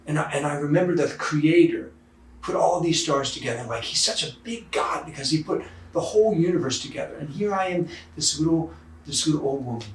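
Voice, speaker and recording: A preacher retelling the words of a wise, humble old village woman in a gentle, reverent way, in a roomy church. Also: on the high side, lightly acted.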